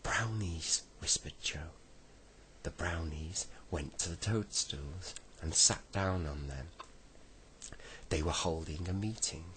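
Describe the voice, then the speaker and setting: A man reading a bedtime story aloud gently, now and then correcting himself. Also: low voice, takes it slowly, a little hiss or hum, poor audio.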